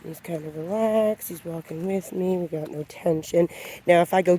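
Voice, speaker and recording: A woman dog trainer gives a calm, low-key lesson on leash handling while walking outside, talking with many fillers. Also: a little fast, husky. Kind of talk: outdoor training demonstration. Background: passing vehicles.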